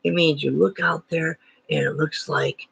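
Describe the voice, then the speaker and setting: A man's voice: on the high side, fairly even intonation, measured pace, gravelly, fairly bright tone, breathy edge, no room sound. A man teaching a playful lesson, full of jokey, self-deprecating asides. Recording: dry, dull lo-fi sound.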